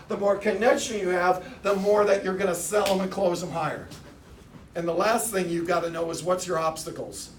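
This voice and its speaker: Captured on a distant mic with slight background noise, a man with a high, fairly bright voice gives a motivational sales talk. His punchy lines push the car salespeople in the dealership meeting room to shout back in call-and-response.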